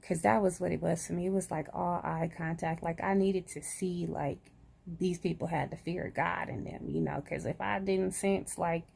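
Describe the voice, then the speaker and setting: A woman's voice: fairly low pitch, fairly even intonation, moderate pace, gravelly, darkish tone, slightly rough. A woman chatting casually to camera, groggy after surgery, sprinkling "y'all" through her talk. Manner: chatty, says "y'all" often. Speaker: vlogger.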